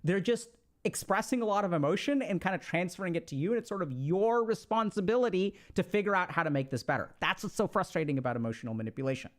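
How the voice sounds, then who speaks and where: A man giving relationship advice in a casual, explanatory talk, full of fillers and quick "right?" check-ins. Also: high-pitched, lively intonation.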